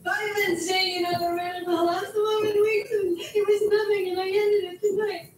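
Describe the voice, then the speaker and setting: A guilty, pleading wife. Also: female voice, very high voice, lively intonation, measured pace. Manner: hesitant, pleading, drops to a whisper. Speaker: wife confessing an affair. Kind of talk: film drama acting. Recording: echoey, far off, faintly noisy playback.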